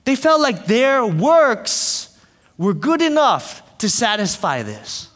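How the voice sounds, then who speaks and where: A man preaching a lively sermon to a congregation with kids, animated and jokey with playful asides. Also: very high-pitched, slow pace, big-room sound. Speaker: pastor.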